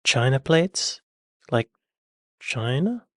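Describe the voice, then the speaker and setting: A man's voice: medium pitch, sing-song, very slow, a bit bright, no room sound, studio quality. Puzzled American man reacting. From United States. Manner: puzzled, thinking aloud, questioning. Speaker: reaction channel host. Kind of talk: casual reaction commentary.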